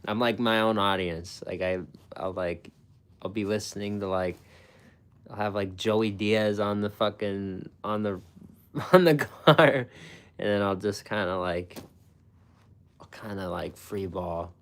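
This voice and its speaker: With a low, deep voice and a slightly slow delivery, this food channel host rambles through a casual live-stream chat with viewers. He curses freely, breaks into frequent laughter, and keeps restarting and saying "like."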